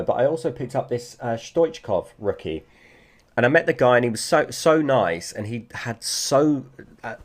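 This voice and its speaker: Man, slightly low voice, chatty collector vlogger, loose and rambling delivery. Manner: rambling, repeats words, hesitant fillers. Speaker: sports card collector vlogger. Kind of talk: casual chat.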